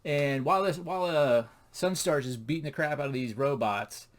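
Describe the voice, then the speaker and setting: A man's voice: a little high, normal speed. A man casually reviewing a comic book, rambling and laughing at its jokes.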